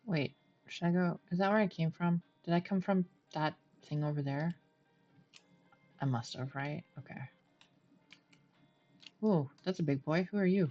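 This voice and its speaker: Woman streamer rambling through her game, low voice, kinda muffled stream audio. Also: unhurried, pauses often, soft background music. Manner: chatty, thinking aloud, talking to chat. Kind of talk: live gameplay commentary.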